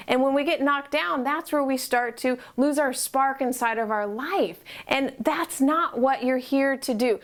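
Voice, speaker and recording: A woman's voice: on the high side, vocal fry. A woman life coach giving an upbeat, encouraging talk to camera, often asking the viewer questions. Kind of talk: motivational promo talk to camera.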